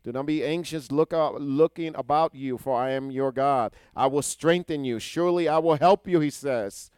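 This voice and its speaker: Male Bible teacher, fairly high and clear voice, dry close sound, explains Hebrew words and questions the room. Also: normal speed, a little mellow, no room sound. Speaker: Torah teacher. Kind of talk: scripture teaching.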